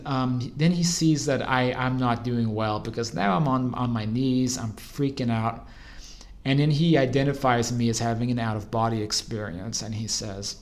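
A man telling a personal story in casual first person, rambling and correcting himself as he goes. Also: medium pitch. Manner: rambling, self-correcting, trails off and restarts mid-thought. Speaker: storyteller recounting a personal experience.

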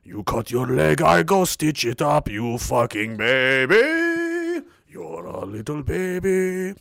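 A man imitating a gruff, scornful middle-aged male doctor who scolds and belittles his patient. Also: a little high, very animated, slow, a bit bright, no room sound, clean studio sound, heavily acted.

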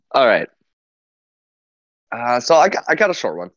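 A man on a casual podcast telling a story slowly, with many fillers and some laughter. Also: mid-range voice, huge pitch swings, no room sound. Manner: hesitant, many fillers, laughs while talking. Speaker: podcast co-host. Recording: dull lo-fi mic.

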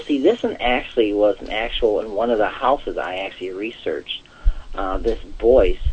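A man on a muffled, lo-fi line tells his story in a loose, rambling way, stacking up restarts and repeating the same words. His voice sits at a middle pitch with a husky edge. He talks casually, like an interview guest. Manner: rambling, repeats "actual" often. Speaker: psychic guest.

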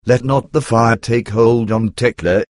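A man reading the lines of a grave, caring older apostle in measured storybook narration. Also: mid-range voice, dry recording, studio quality, lightly acted. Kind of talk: scripted reading aloud.

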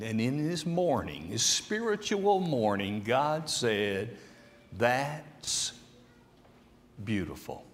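Slow, dramatic preacher in a reverberant hall. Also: male voice, slight background noise. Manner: slow, deliberate preaching that swings from soft lows to loud emphatic peaks. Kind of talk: sermon.

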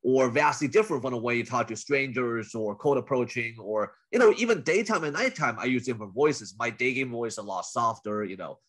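A man with a somewhat husky voice explains his ideas in a relaxed podcast chat. Now and then he slips into short sample tones to show what he means. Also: mid-range voice, brisk, hardly any pauses. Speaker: guest, dating coach. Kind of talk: casual podcast conversation.

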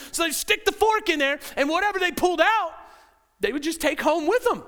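A man preaching a sermon as pastor in a church, animated and acting out quoted voices. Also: very high voice, a little fast. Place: church sanctuary.

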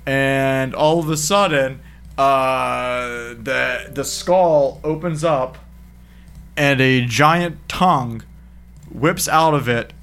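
A man's voice: medium pitch, very slow, fairly bright tone, clean tone. A man casually recapping a horror movie with a friend, laughing often, swearing, and acting out the characters' lines. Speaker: podcast co-host.

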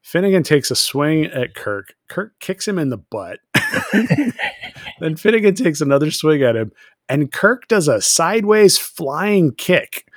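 A man co-hosting a podcast, casually recapping a TV episode, laughing often and acting out characters in quick voices. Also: on the high side, sing-song, no echo, clean studio sound. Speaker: podcast co-host.

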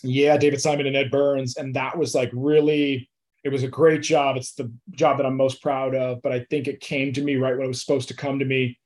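A man's voice: medium pitch, level tone, brisk, darkish tone. A young adult man, an actor guest in an interview, talking in a loose, laid-back way with lots of fillers and easy laughs. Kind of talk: casual interview chat.

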